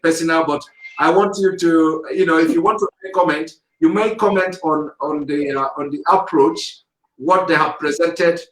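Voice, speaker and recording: A man hosting an online talk program with call-ins, speaking in a firm, measured way. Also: fairly high pitch, fairly bright tone, reverberant, rough recording. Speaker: host.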